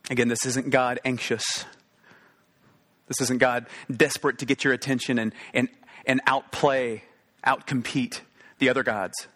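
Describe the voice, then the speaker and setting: Male pastor, mid-pitched, earnest sermon delivery with emphatic repetition. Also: flat delivery, a little slow, sharp tone.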